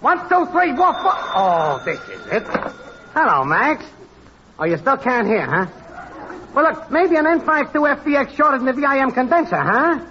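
A man's voice: very high-pitched, expressive, normal speed, pushed and bright, muffled recording, exaggerated voice. An actor playing a brash, cocky male network technician in a 1940s radio comedy.

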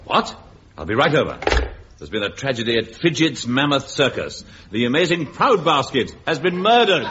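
A man's voice: mid-range voice, sing-song, close to an everyday voice. A man voicing a wisecracking police captain in a radio comedy. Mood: wry. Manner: wisecracking, brisk. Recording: dull old radio recording, loud noise.

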